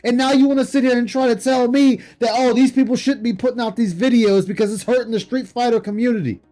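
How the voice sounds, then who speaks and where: A man streaming late at night, ranting with heavy profanity and scorn, breaking into shouts. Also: very high voice, fairly even intonation, quick pace, faint music behind. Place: home streaming setup.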